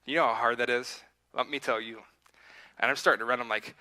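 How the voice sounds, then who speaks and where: Bright-voiced man preaching conversationally. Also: medium pitch, steady tone, brisk, rough recording. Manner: conversational, self-deprecating, acts out his inner voice. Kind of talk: sermon with personal story. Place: church sanctuary.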